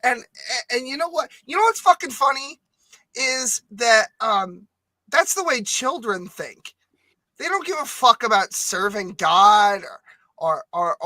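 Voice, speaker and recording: A woman's voice: mid-range voice, bright, forceful tone, dry recording, low-quality recording. A woman in casual podcast talk, ranting emphatically and swearing freely.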